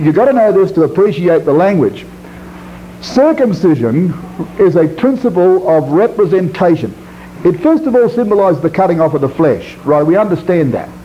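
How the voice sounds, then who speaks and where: A man preaching a sermon, stressing words hard and dropping to low quiet phrases, reading scripture in slow drawn-out tones. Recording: dull lo-fi recording with faint hiss.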